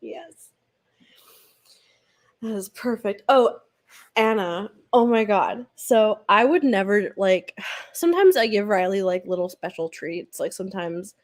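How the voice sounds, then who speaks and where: A woman's voice: mid-range voice, lively intonation, measured pace. A woman hosting a read-along livestream, chatting casually, rambling with lots of fillers and frequent giggles. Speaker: booktube host.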